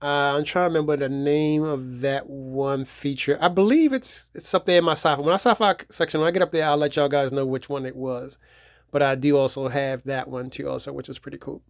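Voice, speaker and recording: A man's voice: medium pitch, fairly even intonation, brisk, no room sound, studio quality. A man giving a casual, rambling show-and-tell of his movie collection, repeating himself and leaning on fillers. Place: home theater room.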